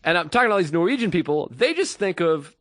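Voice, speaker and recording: Male podcast co-host, animated storyteller, dry close sound. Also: high voice, fast, no room sound. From Boston. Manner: animated storytelling, acts out others' lines. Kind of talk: casual comedic chat.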